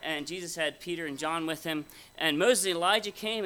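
A man's voice: on the high side, steady tone, fairly quick, few pauses, pushed and bright. A man preaching a conversational, folksy sermon at a Bible conference, often asking his audience questions. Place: conference hall before an audience.

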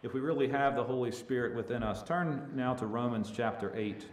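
A male preacher giving a sermon who swells from hushed to loud and stretches key words. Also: medium pitch, brisk, slight background noise. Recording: echoey room with faint ambience.

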